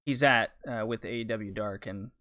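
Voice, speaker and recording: A podcast co-host in casual chat, measured and explanatory, with light teasing. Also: mid-range voice, crowd noise.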